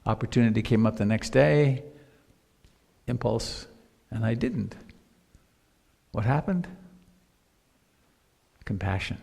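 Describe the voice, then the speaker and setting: Older male meditation teacher, gravelly voice, long hall reverb, reflective storyteller. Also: mid-range voice, animated, slow, long pauses, a little mellow. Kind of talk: live dharma talk.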